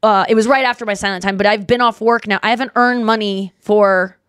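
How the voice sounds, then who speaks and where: A woman in her thirties co-hosting a podcast, telling rambling stories in a lively, animated way with frequent restarts. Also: mid-range voice, a little fast, clear, resonant tone, dry recording, studio quality. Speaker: podcast co-host. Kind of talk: casual chat.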